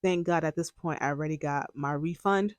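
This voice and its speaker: Give me a young adult host telling their own story in a candid, emotional way, with a voice of ordinary middle pitch. They often act out what they said back then. The sound is dry and close, with no room echo. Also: a little fast. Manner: candid and emotional, breaks into laughs and tears; relives moments by quoting their own past words. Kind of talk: casual personal storytelling.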